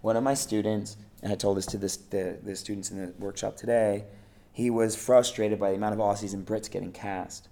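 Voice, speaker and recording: A man, an acting coach giving casual, animated advice in an interview, often checking in with "right?" and "you know". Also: lowish voice, a little fast, creaky, a little hiss or hum.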